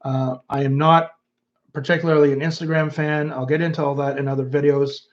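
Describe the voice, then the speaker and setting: Speaking fairly quickly with a level tone and a slightly high voice, this fifties-aged Canadian man hosts a YouTube livestream. He chats loosely and reads out comments from viewers, and the audio has its highs cut off.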